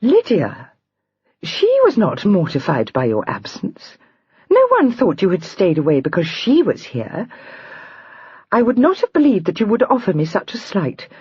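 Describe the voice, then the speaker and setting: A woman voicing a highly strung young lady who talks in an impulsive, throbbing, emotional way. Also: wildly swooping pitch, unhurried, darkish tone, slightly rough, dry recording, exaggerated voice. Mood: aggrieved. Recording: dry, slightly dull recording.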